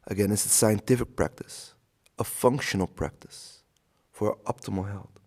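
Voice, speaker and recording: A man teaching a slow yoga class, guiding the poses and the breath in a calm, soothing way with long pauses. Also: lowish voice. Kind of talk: guided yoga instruction.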